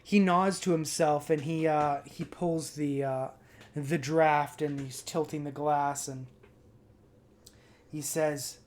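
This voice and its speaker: A man narrating as game master in a tabletop game, relaxed and hesitant, with many fillers. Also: fairly high pitch, slow.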